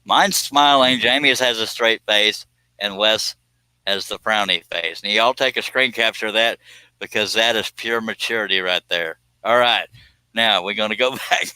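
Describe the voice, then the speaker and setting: Male host, folksy and joking, crisp close dry sound. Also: fairly low pitch, normal speed, bright, forceful tone, dry recording, low-quality recording. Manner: folksy, joking, reads viewer comments aloud. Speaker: livestream host. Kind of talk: casual livestream chat reading comments.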